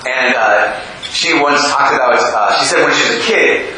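A man's voice: medium pitch, moderate pace, a little hiss or hum. A man giving a talk and answering audience questions, telling stories and acting out quotes. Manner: animated storyteller, acts out quotes. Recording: echoey hall, voice from far off.

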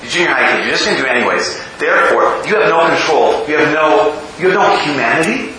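A man's voice: fairly high pitch, quick pace, background noise. A man giving a talk and answering audience questions, telling stories and acting out quotes. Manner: animated storyteller, acts out quotes. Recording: echoey hall, voice from far off.

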